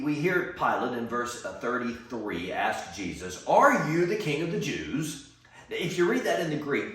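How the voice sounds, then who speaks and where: A man, preaching a Bible teaching sermon as a pastor, measured and explanatory, acting out quoted lines. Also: medium pitch, a bit bright. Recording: echoey room, from a distance.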